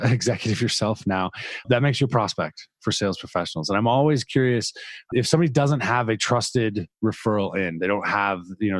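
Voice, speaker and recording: A man's voice: lowish voice, dry recording. A man hosting a podcast interview, thinking aloud and searching for his words. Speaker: podcast host. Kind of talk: casual interview chat.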